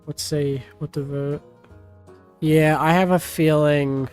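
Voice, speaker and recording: A man with a fairly high voice hosts a live game stream and chats loosely with his audience. When bids come in he switches to a rapid auctioneer patter. Soft music plays underneath. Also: steady tone, clean tone. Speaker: streamer hosting a game with chat. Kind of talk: casual live-stream chat.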